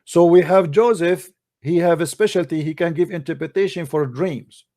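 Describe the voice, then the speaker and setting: This combative commentary comes from a host whose Arabic-accented voice is a little high and mellow, paced moderately. He scolds his critics in broken, grammatically non-native English throughout the polemic.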